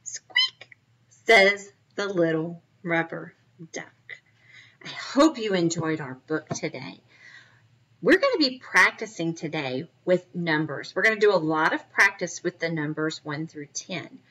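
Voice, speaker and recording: A woman teacher reading a storybook aloud to children and leading a counting lesson in an animated, encouraging, sing-song way. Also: deep voice, a little slow, slightly rough, lo-fi sound.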